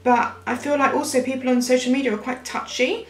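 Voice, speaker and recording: A woman's voice: high voice, fairly even intonation, brisk. Chatty, rambling woman vlogging. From Britain. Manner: rambling, loses her train of thought. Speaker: beauty vlogger. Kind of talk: chatty makeup tutorial. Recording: echoey room with faint music.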